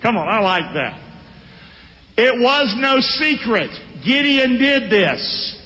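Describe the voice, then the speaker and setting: A man's voice: very high-pitched, takes it slowly. A male pastor preaching a sermon, calling out to his congregation. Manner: animated, calls out to congregation. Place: church hall. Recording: echoey hall.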